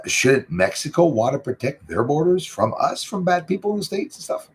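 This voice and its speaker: A man's voice: on the high side, very animated, normal speed, breathy edge. A middle-aged man, chatting casually and rambling with lots of fillers as host of his livestream. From Canada. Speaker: channel host reading live chat.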